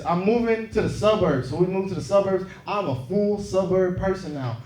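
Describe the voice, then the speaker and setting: A man's voice: high voice, a little fast, noisy background. A young man from Seattle doing a stand-up comedy set on a club stage, chatting with and teasing the crowd. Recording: roomy club sound, loud crowd laughter.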